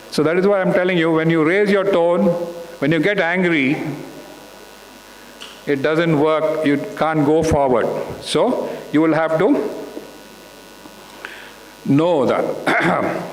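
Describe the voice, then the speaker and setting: A man's voice: fairly high pitch, slow, pauses often. Man lecturing students in an echoey hall. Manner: asks the audience questions again and again. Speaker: guest speaker at a school talk. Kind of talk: interactive talk to students. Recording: echoey hall with faint hum.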